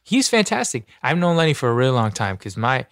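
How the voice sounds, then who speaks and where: A man who is an actor, talking as a podcast guest in an earnest, expressive way, his voice jumping up when excited. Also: medium pitch, quick pace, dry recording, clean studio sound. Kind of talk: casual interview chat.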